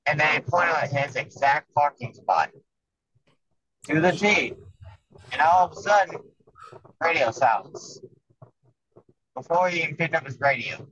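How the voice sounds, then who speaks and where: A man guesting on a casual podcast, telling a story haltingly with fillers. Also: a little high, expressive, a bit bright, slight background noise. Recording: dull lo-fi remote audio.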